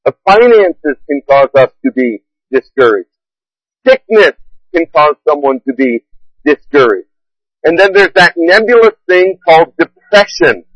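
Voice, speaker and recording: A middle-aged man preaching a sermon as pastor, earnest and measured, leaning on slow emphatic words. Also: fairly high pitch, a bit bright, dry recording, rough recording.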